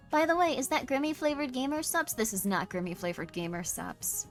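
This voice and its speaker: A tired young woman streaming, chatting casually with her viewers and squealing into high notes when something excites her. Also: fairly quick, few pauses, faint music behind. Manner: bubbly, jumps to squeaky highs when excited. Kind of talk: casual live-stream chat.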